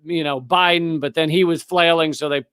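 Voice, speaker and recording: High-voiced man ranting sarcastic news. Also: moderate pace, smooth. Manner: profane, sarcastic, animated ranting with restarts. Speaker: political comedian and news host. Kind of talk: comedic political news commentary.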